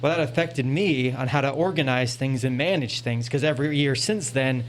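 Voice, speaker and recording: A man's voice: medium pitch, moderate pace. Earnest young man with faint hum. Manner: earnest, rambling, says "you know" often. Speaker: audience member at a panel. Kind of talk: casual anecdote. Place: convention panel room. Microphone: handheld panel microphone.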